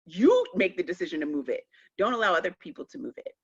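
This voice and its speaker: A woman speaking emphatically on a virtual call, telling stories with lively acted-out quotes. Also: fairly low pitch, quick pace, husky, muffled recording. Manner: emphatic, animated storytelling. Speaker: guest speaker. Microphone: video call.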